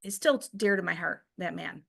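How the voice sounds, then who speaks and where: A woman's voice: lowish voice, normal speed, creaky, a bit bright, slightly rough. A middle-aged woman co-hosting a casual podcast chat, telling personal stories and laughing easily. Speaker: podcast co-host.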